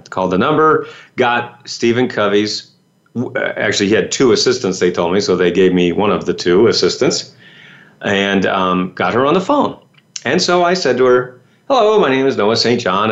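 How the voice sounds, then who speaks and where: Animated storytelling man, lo-fi sound. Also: fairly low pitch. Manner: animated, acts out quoted voices, many fillers. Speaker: speaker telling a personal story. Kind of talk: casual storytelling talk.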